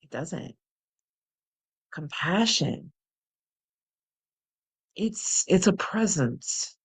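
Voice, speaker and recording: Low gravelly woman guiding a breathing practice. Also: expressive. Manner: soft and unhurried, laughs at herself. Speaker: host leading a guided breathing practice. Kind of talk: gentle guided meditation, chatty asides. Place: home, close to the camera. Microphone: camera mic, close.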